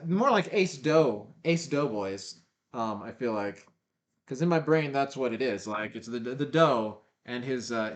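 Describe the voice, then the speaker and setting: Man, casual cooking stream talk, rambling, self-mocking, bouncy up-and-down voice. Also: fairly high pitch. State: stuffy nose.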